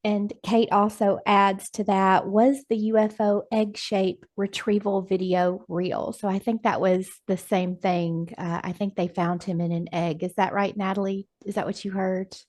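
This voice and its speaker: A woman's voice: medium pitch, level tone, unhurried, hardly any pauses, darkish tone. A woman hosting a group session, reading out questions in a chatty, loose way. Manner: chatty, hesitant with fillers, relays questions.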